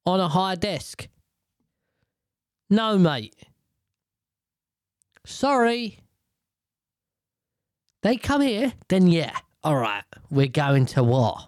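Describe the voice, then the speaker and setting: A man's voice: sits high, darkish tone, no room sound, clean studio sound. A man hosting a podcast, giving blunt, outspoken casual commentary and swearing freely. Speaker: podcast host.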